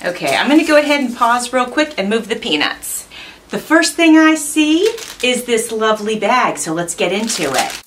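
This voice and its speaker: A woman's voice: fairly high pitch, expressive, moderate pace, a bit bright, distant mic, slight background noise. A woman hosting her own craft channel, chatting through an unboxing with gushing enthusiasm. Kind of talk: unboxing narration.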